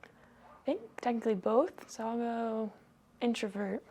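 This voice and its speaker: A young woman, a college softball player, giving relaxed short answers in a casual interview and laughing often. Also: fairly high pitch, measured pace.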